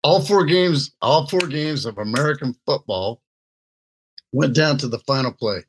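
A man's voice: mid-range voice, lively intonation, measured pace, a little hiss or hum. A man co-hosting a casual chat show, joking and laughing often between his remarks. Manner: jokey, laughs between lines. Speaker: co-host. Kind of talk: casual banter.

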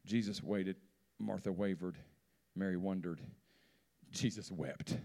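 A man preaching a sermon in church, swinging from hushed, quiet lines to loud, soaring rises. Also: sits low, fairly even intonation, a little slow, vocal fry. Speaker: pastor. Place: church sanctuary.

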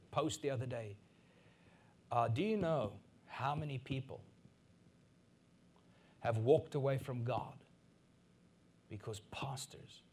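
A middle-aged man from Africa preaching a sermon as pastor, swinging between soft asides and loud, emphatic peaks. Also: medium pitch.

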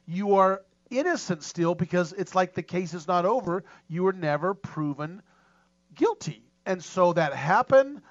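A man hosting a legal discussion panel, telling a case story in a brisk, emphatic way. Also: sits high, lo-fi sound. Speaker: show host.

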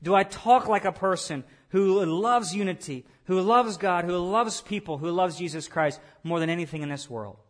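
A man's voice: sits high, moderate pace, few pauses. A man preaching a sermon, earnest and repeating key phrases for emphasis. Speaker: pastor.

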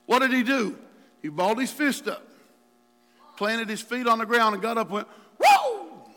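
A male pastor preaching a sermon with passion, dropping to a hush and then rising to near shouts. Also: very high-pitched, moderate pace. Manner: impassioned preaching, swings from hushed to shouting. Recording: long hall reverb.

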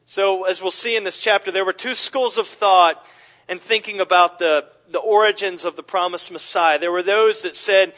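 Male preacher, emphatic sermon delivery, high voice, dull lo-fi recording. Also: normal speed. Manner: animated, emphatic, with frequent restarts. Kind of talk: expository sermon.

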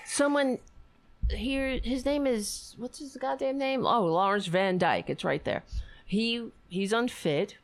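A woman's voice: fairly high pitch, slow pace. A woman hosting her own political talk show, ranting with sarcasm and indignation, swearing and laughing between points. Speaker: political commentary host. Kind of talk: casual political rant.

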